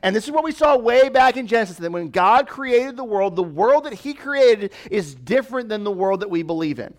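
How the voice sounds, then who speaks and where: A man in his thirties preaching a conversational sermon, animated, with many fillers and restarts. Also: high voice, brisk. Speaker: pastor.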